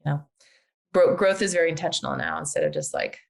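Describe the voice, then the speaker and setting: An older woman chatting as a podcast guest, animated and chatty, with frequent fillers. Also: deep voice, fast talker, gravelly. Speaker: guest, real estate agent and investor. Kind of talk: casual podcast interview.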